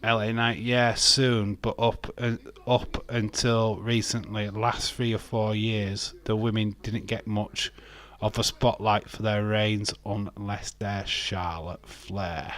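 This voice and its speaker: A man's voice: fairly low pitch, level tone, slow pace, few pauses, a bit bright. A man casually commentating a wrestling watch-along, rambling, joking and reading out chat messages. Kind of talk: casual live-stream commentary.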